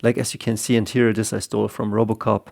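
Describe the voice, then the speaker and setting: A man talks casually about making comics, drifting from point to point and restarting his sentences. His voice is low and gravelly, with plenty of fry. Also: flat delivery, fast talker, darkish tone. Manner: loose and rambling, repeating words as he restarts. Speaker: comic artist and teacher. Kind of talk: casual explanatory talk.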